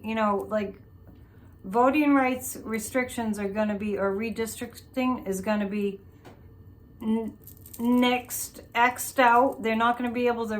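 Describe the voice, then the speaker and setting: Chatty woman giving a rambling tarot reading. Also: mid-range voice. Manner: chatty, rambling, with many restarts. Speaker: psychic show host. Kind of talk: casual tarot reading commentary.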